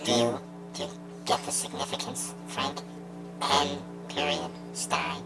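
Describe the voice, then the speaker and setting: A man telling a comic story in a halting, deadpan way, dropping to a whisper. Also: a little high, creaky, over loud music. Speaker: monologue performer.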